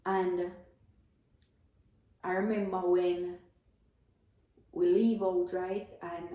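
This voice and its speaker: A woman's voice: on the low side, level tone, extremely slow, warm tone. A woman with a Jamaican accent giving an earnest, emotional faith testimony, repeating herself as she tells it. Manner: earnest, emotional storytelling with repetitions. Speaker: testifying believer. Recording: very echoey room.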